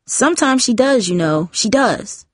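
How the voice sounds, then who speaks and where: A shy, lonely young girl, as a woman reader puts her on, hesitant and soft, full of self-doubt. The voice sits higher than the reader's own and sounds close and dry. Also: expressive, unhurried, dry recording. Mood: gentle insisting.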